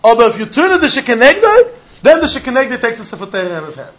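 A man teaching a Talmud class, animated and questioning, mixing in Yiddish and Hebrew terms. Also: extremely high pitch, quick pace, lo-fi sound, a little hiss or hum.

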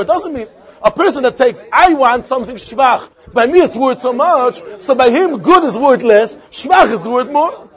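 A man's voice: very high voice, lively intonation, moderate pace. A man teaching a Talmud lesson, repeating phrases and posing and answering his own questions. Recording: dull lo-fi recording with faint crowd.

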